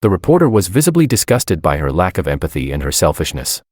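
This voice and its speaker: A man's voice: rumbling low, very animated, a little fast, few pauses, a little mellow, no echo, studio quality. A man giving scripted first-person narration of a dramatic story. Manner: dramatic, pleading in his own quoted lines.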